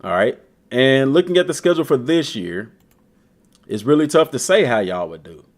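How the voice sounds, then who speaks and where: Animated slangy man commenting on a game. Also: mid-range voice, moderate pace. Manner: slangy, talks to the team directly, animated. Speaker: gaming streamer. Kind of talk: casual commentary on a video game.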